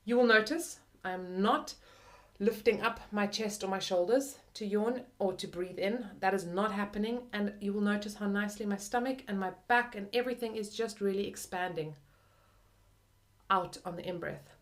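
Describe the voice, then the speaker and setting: A young adult woman gives a flute lesson in a friendly, chatty voice. She talks loosely, with "like" and "kind of" scattered through her explanations. Her pitch sits in the middle range. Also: normal speed. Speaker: flute teacher. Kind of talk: video lesson.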